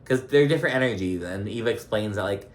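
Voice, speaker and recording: A man casually recapping a reality show episode, chatty and gossipy, laughing often and filling pauses with ums. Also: fairly low pitch. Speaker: recap vlogger. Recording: roomy echo.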